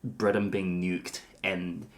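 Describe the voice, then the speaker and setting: A man's voice: sits low, flat delivery, takes it slowly. A man co-hosting a film podcast, offering thoughtful comparisons between short interjections. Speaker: podcast co-host. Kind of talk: casual film discussion.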